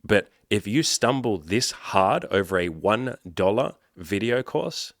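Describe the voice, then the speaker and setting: A man's voice: on the low side, unhurried, dry recording. Blunt man in his thirties, dry sound. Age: 30s. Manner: blunt, animated storyteller. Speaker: life coach. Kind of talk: motivational vlog monologue.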